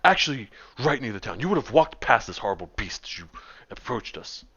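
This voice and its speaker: A man's voice: medium pitch, sing-song, a little fast, a bit bright, slightly rough, muffled recording, heavily acted. A man voicing a pompous, fussy older male town official who repeats himself dismissively in a tabletop game.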